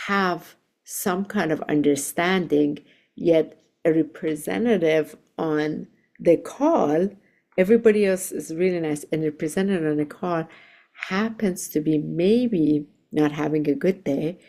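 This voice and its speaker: Mellow-voiced woman reverend telling a story. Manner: calm, gentle, with sudden pitch lifts when quoting. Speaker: reverend and podcast host. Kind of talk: storytelling on a podcast.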